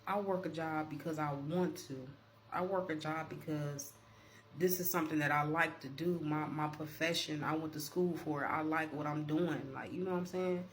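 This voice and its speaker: A woman with a lowish voice tells a story straight to her viewers, emphatic and animated. Now and then she turns preachy and encouraging. A steady hum runs under the recording. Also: normal speed. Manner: emphatic, animated retelling, keeps addressing viewers. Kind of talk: storytime vlog, talking to viewers.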